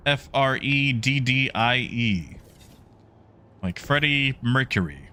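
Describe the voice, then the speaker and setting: Bright-voiced chatty male streamer. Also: mid-range voice, animated, takes it slowly. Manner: chatty, greets chatters by name. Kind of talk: casual livestream chat.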